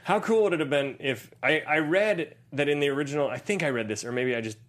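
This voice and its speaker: A man's voice: a little high, quick pace, fairly bright tone. A man in his thirties co-hosting a casual movie podcast, joking and trying out silly voices. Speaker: podcast co-host.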